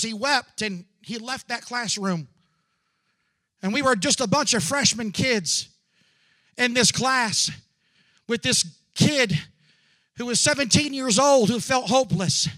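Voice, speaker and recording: A man in his forties preaching a dramatic testimony, moving between hushed storytelling and loud fervor with drawn-out "uh" fillers. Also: extremely high pitch. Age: 40s. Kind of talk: sermon testimony.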